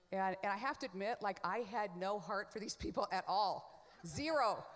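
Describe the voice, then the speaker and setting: Chatty woman in a reverberant room. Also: mid-range voice. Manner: chatty, full of "like" and quick asides; expressive, swings from hushed to loud. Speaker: panel guest. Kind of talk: animated personal testimony.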